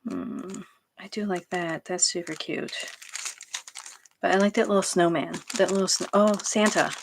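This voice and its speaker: A woman's voice: fairly low pitch, moderate pace, creaky, slight background noise. A middle-aged woman hosting a craft video, chatting casually and laughing at herself while she works at home. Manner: chatty and self-deprecating, laughs often. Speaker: craft channel host.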